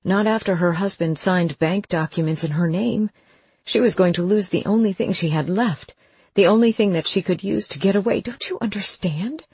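A woman's voice: mid-range voice, normal speed, a little mellow, husky, dry recording, voice pushed up. A narrator voicing a distressed, defensive woman who pleads with a shaky voice, in an audiobook. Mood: upset pleading. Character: distressed middle-aged woman protecting her niece. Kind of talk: audiobook character voice.

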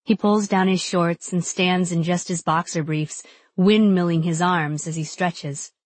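A woman's voice: on the low side, steady tone, unhurried, no echo. A young adult woman giving intimate, reflective first-person audiobook narration.

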